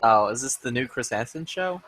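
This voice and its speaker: A man's voice: mid-range voice, animated, brisk, a bit bright, no echo, poor audio. A young man chatting casually in an online lobby, laughing and swearing as he retells a story. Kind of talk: casual chat.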